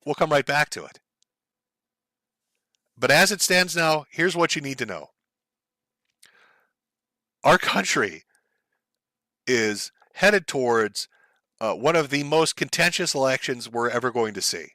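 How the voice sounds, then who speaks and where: A man's voice: mid-range voice, animated, unhurried, pauses often, sharp tone, dry recording. A man hosting a livestream, ranting in a heated, profane and sarcastic way about current events. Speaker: streamer host.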